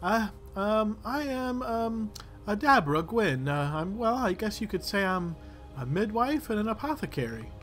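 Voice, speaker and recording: A man's voice: sits high, sing-song, unhurried, fairly bright tone, faint music behind, pitched above the performer's own voice, full character voice. A man voicing an older woman who works as a midwife and apothecary, speaking politely and formally with some hesitation. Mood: prim.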